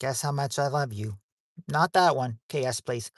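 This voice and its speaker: A man's voice: medium pitch, normal speed, dry recording. Dry-sounding man hosting a joking livestream game. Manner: joking, rambling, crude wisecracks. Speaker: game show host.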